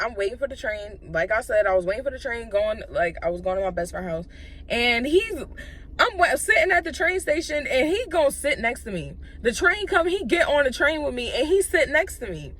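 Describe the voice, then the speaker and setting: A young woman tells a story for her vlog in a casual, profane rush, leaning hard on fillers. Her voice sits a little high and leaps up and down with lively swings. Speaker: vlogger.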